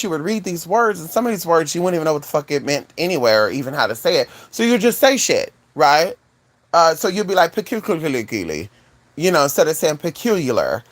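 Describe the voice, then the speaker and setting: Animated chatty woman vlogger. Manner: animated, swoops high for quoted voices, chatty asides to viewers. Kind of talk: casual storytelling to viewers.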